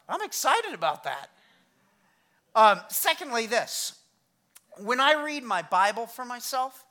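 A man preaching a sermon with a bright, forward tone. He keeps it conversational and energetic, slipping in self-deprecating humor as he teaches. He sounds middle-aged. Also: sits high. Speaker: pastor.

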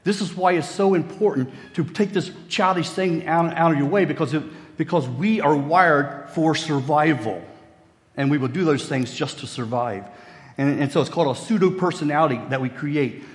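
A middle-aged male pastor preaches in a folksy, joking manner. His voice sits fairly high for a man. A long reverb trails behind him as in a church hall. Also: normal speed. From West Virginia, USA. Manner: folksy, storytelling, jokey asides. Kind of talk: sermon.

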